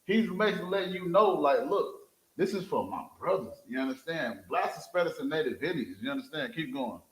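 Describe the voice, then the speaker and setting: A man's voice: fairly high pitch, fairly quick, reverberant, rough recording. A man teaching scripture, calling for verses from a reader and asking "you understand?" again and again. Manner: calls for verses, repeats "you understand?", animated. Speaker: street preacher teaching scripture.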